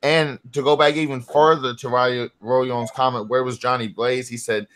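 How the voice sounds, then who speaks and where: A man's voice: mid-range voice, steady tone, moderate pace, fairly bright tone. A man with an ordinary mid-range voice, talking in a laid-back, matter-of-fact way. He chats casually and tells his story plainly. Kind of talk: casual chat.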